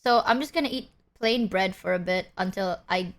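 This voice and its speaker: A young woman streamer chats casually with her viewers in a mid-range voice at normal speed, swearing freely and sometimes talking while she eats.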